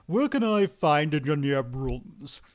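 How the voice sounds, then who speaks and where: A man's voice: on the high side, very animated, slow. A man voicing a crafty, ragged priest who begs in a pleasant, groveling voice. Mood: polite. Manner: pleasant-voiced, fawning and stubborn.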